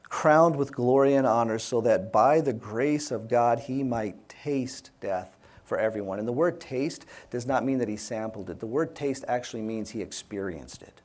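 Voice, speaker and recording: Male Sunday school teacher, mid-pitched, expressive scripture reading, leads discussion. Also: moderate pace. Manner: reads scripture aloud with emphasis, then leads group discussion. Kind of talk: Bible class teaching with discussion.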